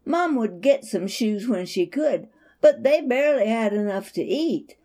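Slow, mellow woman storyteller. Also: a little high, lively intonation. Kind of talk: reading a Christian children's story aloud.

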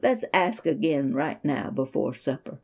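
A woman voicing a kind, devout mother in a read-aloud children's story, speaking gently and reassuringly. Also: rumbling low, animated, measured pace, vocal fry, husky, pitched below the performer's own voice, full character voice. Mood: gentle, reassuring.

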